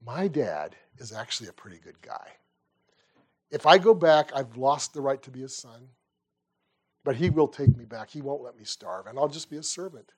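A man's voice: medium pitch, very animated, moderate pace, darkish tone, husky. A man voicing a brash, impatient young son in a retold parable, asking bluntly in a casual way. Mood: humbled.

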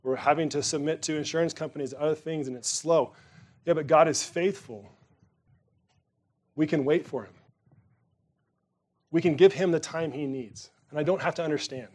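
A man delivering a sermon in a loose, conversational way, with a voice sitting a little high for a man. He presses hard on some words, then lets his voice fall soft and low. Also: normal speed, long pauses. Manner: conversational preaching, swings between emphatic and quiet. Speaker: pastor.

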